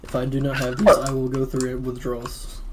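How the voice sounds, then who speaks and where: A young adult friend chatting on a gaming stream from home, joking and rambling excitedly. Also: medium pitch, brisk, very noisy. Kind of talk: casual gaming chat. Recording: keyboard clicks behind.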